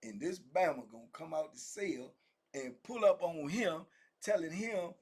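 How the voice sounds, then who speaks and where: Husky man telling a prison story. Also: lively intonation, moderate pace. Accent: Southern US. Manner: acts out the men's voices, rising high and loud for quoted shouting. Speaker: storyteller sharing prison stories. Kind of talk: animated storytelling.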